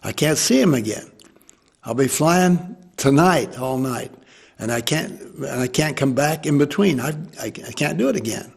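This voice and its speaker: An older American man telling a war memory to an interviewer, lively and acting out the people he quotes. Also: medium pitch, moderate pace, vocal fry, husky. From United States. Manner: animated storyteller who voices quoted people. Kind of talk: storytelling.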